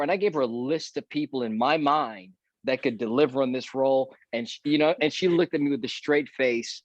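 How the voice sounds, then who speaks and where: A man who is a guest actor tells a story from his school days in a loose, chatty way. He slips into the voices of the people in it as he goes. His voice sits at a middle pitch, and the audio is dull and lo-fi, dry and close, with no room sound. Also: brisk, dry recording. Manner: lively storyteller who acts out remembered dialogue. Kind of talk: casual podcast storytelling.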